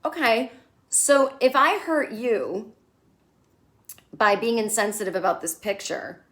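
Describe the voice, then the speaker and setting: A woman's voice: on the high side, slow pace, fairly bright tone. A woman quoting a frank single friend who speaks bluntly and matter-of-factly.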